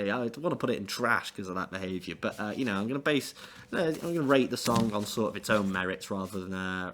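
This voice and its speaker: A music reviewer with a lowish, fairly bright voice casually reviews an album on his own channel. He rambles, using many fillers and frequently restarting his sentences.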